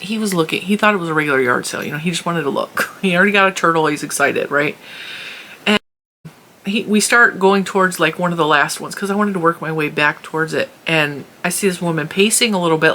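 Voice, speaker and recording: A woman chatting casually as a crochet vlogger, animated, laughing often and acting out what people said. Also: fairly low pitch. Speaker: crochet YouTuber. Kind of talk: casual chatty vlog storytelling. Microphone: camera in a room at home.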